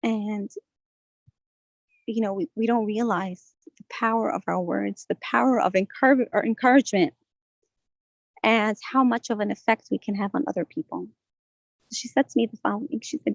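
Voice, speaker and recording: Woman sharing her story at a prayer circle, earnest, kinda high voice, dry muffled sound. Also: moderate pace, vocal fry, long pauses, darkish tone, dry recording. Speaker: speaker at a women's prayer gathering. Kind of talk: personal testimony talk. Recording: dull lo-fi sound.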